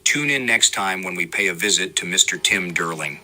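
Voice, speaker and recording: A man's voice: sits low, animated, fairly quick, heavy background noise. A man doing a comedy impression of a rock singer who rants and scolds in mock outrage. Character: rock singer ranting at a podcast guest.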